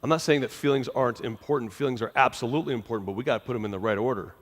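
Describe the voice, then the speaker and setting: A middle-aged man delivers a motivational talk at rapid-fire speed and medium pitch, while long hall reverb trails his words. Animated and conversational, he recounts a personal story and often quizzes the live crowd.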